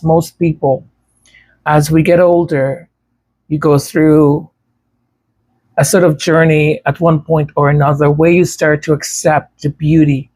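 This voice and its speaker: A man's voice: on the high side, darkish tone. A man with a stutter and a tongue tie talking casually to his viewers, repeating words and struggling with some sounds. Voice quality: tongue-tied, some sounds hard to pronounce. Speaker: music creator speaking to supporters.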